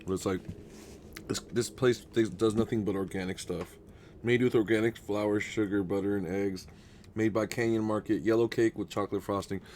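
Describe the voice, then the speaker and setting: Excitable swearing male game streamer. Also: fairly low pitch, normal speed, a little hiss or hum. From United States. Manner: excitable, swears a lot, chats with viewers by name. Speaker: gaming streamer. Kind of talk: casual live-stream chat while playing.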